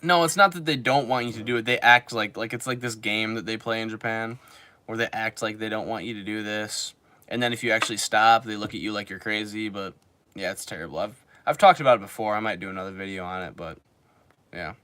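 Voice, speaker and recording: This twenty-something man streams from home in Japan, wandering through filler-heavy stories and reading out viewer comments. He speaks a little fast in a fairly low, bright, forceful voice, and the recording is dry.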